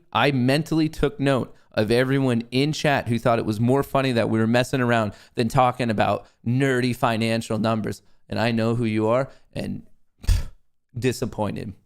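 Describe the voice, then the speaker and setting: A young man hosting a live stock market stream, joking and energetic. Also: mid-range voice, moderate pace, smooth. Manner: joking, energetic, swings into put-on voices. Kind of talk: casual live-stream chat.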